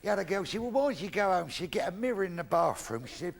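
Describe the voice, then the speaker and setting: This is an older man working a live crowd with patter. His voice is gravelly and sits a touch high, with big swoops of pitch as he acts out each joke. He swears freely and talks bluntly. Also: big pitch swings, quick pace, few pauses. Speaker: stand-up comedian. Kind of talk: stand-up comedy. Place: theatre stage before a live audience.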